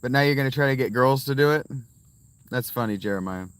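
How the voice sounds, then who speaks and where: Speaking quickly in a clear, resonant, medium-pitched voice, a man in his fifties hosts a casual phone livestream outdoors by a fountain. He chats with viewers and rambles between thoughts, and the recording is dry.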